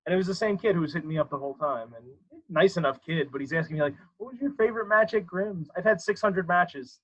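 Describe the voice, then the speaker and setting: A man's voice: fairly high pitch, fast talker. A man chatting as a podcast guest, rambling through stories and laughing at himself often. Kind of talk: casual interview chat. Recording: lo-fi dull sound.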